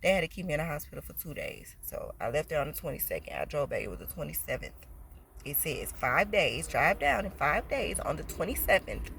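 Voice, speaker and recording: A woman's voice: low-pitched, sing-song, brisk, vocal fry, a little hiss or hum. Profane, slangy woman telling a storytime. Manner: profane, slangy, rising to loud indignant rants. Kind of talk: casual storytime vlog.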